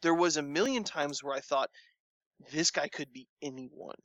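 A man's voice: fairly high pitch, moderate pace, fairly bright tone, no room sound. A man co-hosting a casual podcast chat, laid-back and tired-sounding, with lots of fillers. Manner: laid-back, tired late-night talk with frequent fillers. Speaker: podcast co-host.

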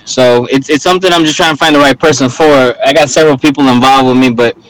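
A man bantering loudly with friends in a casual group chat, quick to exclaim. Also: mid-range voice, dry recording, distant mic, rough recording. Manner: loud, joking, quick to exclaim.

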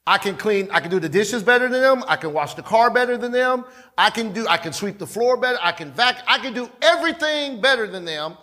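A pastor preaching a sermon in a church, talking conversationally, repeating himself and calling on the congregation. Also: male voice, high voice, animated, fairly quick, bright, forceful tone. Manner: conversational, repetitive, calls on the congregation.

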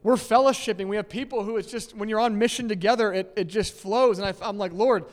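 A fast-talking man with a high voice preaches from a church sanctuary, his words trailing into a long reverb. The pastor keeps the sermon conversational, often checking in with "okay?" and "right?" and laughing lightly between points.

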